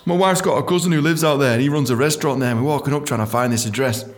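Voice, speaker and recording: A man's voice: medium pitch, rapid-fire. A male comedian, delivering a sweary, rambling comic monologue.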